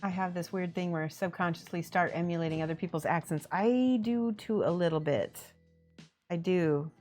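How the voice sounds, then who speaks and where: A Midwestern woman paints miniatures during a stream, chatting casually, laughing often, reading out chat and playing with word pronunciations. Her lowish, slightly mellow voice moves at a moderate pace over faint music.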